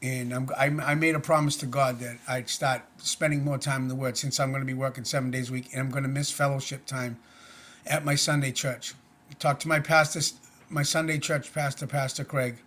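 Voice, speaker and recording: A man's voice: mid-range voice, level tone, a little fast, a bit bright. A middle-aged man talking to camera in a casual personal vlog, earnest, plainspoken and rambling. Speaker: vlogger.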